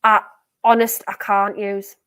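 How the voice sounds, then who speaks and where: With a clear, resonant, medium-pitched voice and a measured pace, a young woman live-streams her reactions to a football match. Hosting the watchalong, she's excitable, moving from laughter to dejection as she chats with viewers.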